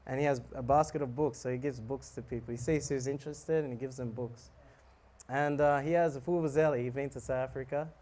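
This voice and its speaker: A monk preaching who tells a lively story, acting out scenes and laughing. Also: male voice, fairly high pitch. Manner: animated, laughing, acts out scenes. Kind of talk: storytelling sermon.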